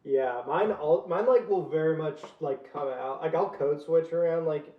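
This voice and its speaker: Southern man, softened accent, rambling co-host chat, a little high, roomy muffled sound. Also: normal speed, recorded from a distance. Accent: Southern American, softened. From American South. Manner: loose and rambling, heavy on fillers. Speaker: podcast co-host. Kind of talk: casual chat.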